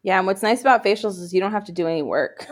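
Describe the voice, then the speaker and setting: A woman's voice: mid-range voice, fast. Enthusiastic American woman podcast host. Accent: American English. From United States. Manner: enthusiastic, uses "like" often. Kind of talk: casual interview chat.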